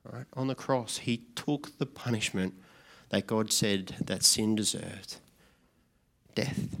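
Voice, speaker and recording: A pastor, giving a conversational sermon that drops to a hushed, quiet voice for reflective questions. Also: male voice, fairly low pitch, a little slow, gravelly.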